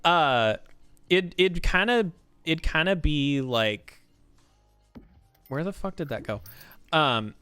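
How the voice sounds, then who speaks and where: A man chatting his way through a game stream, his speech rising and falling a lot as he thinks aloud. The sound is smooth and clear, close and dry, and slightly worn from hours of talk. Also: fairly high pitch, lively intonation, takes it slowly, pauses often, bright, forceful tone, dry recording, faint music behind. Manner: rambling, thinking aloud with many fillers. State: slightly worn from long talking. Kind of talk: casual gameplay commentary.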